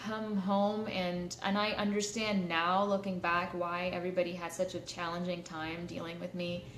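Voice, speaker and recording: A woman's voice: on the low side, little pitch movement, normal speed, fairly bright tone, a little hiss or hum. A woman hosting a live stream, talking candidly to her viewers, with many fillers and restarts. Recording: echoey room, faint ambience.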